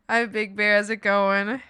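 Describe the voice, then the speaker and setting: Giggly woman streamer, unhurried and bright. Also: medium pitch, no echo, studio quality. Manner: giggly, laughs often; playful, teasing chat. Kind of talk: casual live-stream chat while drawing.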